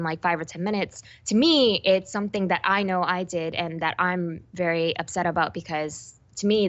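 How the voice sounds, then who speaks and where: A young woman esports host answering interview questions in an animated, self-deprecating way. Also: on the low side.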